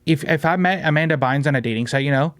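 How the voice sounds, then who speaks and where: A man's voice: a little high, fast talker, fairly bright tone, no room sound. Brash swearing podcast host man. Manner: brash, swearing, lots of "bro" and "dude". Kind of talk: casual podcast banter.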